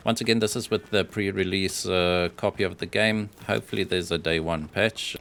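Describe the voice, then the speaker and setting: A man giving casual voice-over commentary on gameplay benchmarks, hesitant and matter-of-fact, often pausing with filler sounds. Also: sits low, gravelly, fairly bright tone.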